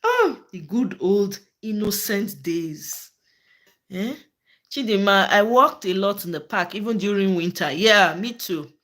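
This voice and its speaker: A woman with a Nigerian accent hosts a live political chat channel, keeping things casual, slipping into Pidgin and answering viewers by name. Her mid-range voice is expressive and fairly bright, at a measured pace.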